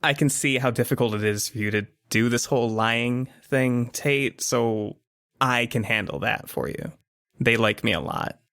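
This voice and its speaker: A man's voice: mid-range voice, normal speed, gravelly, a bit bright, no echo, clean studio sound. A man voicing a teasing, streetwise teenage girl in a tabletop game, with a lazy, sly drawl. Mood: earnest. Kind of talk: tabletop actual-play character voice.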